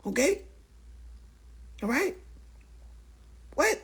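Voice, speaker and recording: A man ranting casually and profanely on a phone livestream, animated and loud. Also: extremely high pitch, extremely slow, vocal fry. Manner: animated, profane, mimics others' voices. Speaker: livestream host.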